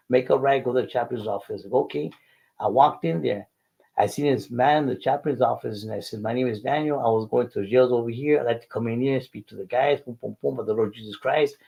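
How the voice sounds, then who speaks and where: A man's voice: mid-range voice, fast talker, gravelly, dark tone, slightly rough, dull audio. An older man, telling a faith testimony in an interview and acting out the dialogue earnestly. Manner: earnest storytelling, acts out dialogue. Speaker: guest.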